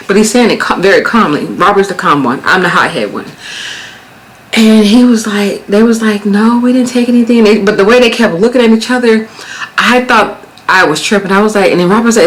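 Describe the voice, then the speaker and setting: A young adult woman vlogger telling a dramatic story and acting out the quotes loudly. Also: mid-range voice, quick pace. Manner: expressive, acts out quotes loudly with cursing. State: pregnant. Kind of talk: animated storytime.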